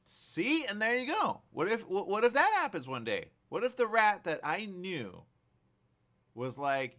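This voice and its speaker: A man's voice: high voice, unhurried. A man hosting a morning talk show, chatting casually and spinning rambling, playful what-if stories. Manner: rambling, animated storytelling with playful what-ifs. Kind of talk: casual chat. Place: studio.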